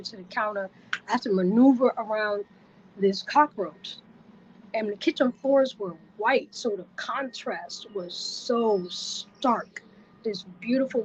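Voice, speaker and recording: A woman's voice: mid-range voice, highs cut off, a little hiss or hum. A woman vlogger telling a personal story to the camera, vivid and repetitive in her retelling.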